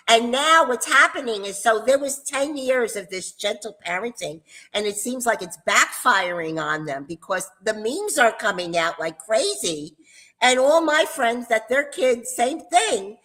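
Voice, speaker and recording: An older woman co-hosting a casual chat, telling animated stories and laughing often. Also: a little high, a little slow, low-quality recording. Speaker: co-host.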